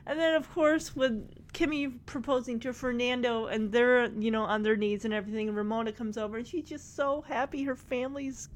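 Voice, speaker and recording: A woman casually recapping a TV episode, gushing and excitable as she retells scenes and quotes the characters. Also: a little high, a little fast, hardly any pauses. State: tearing up.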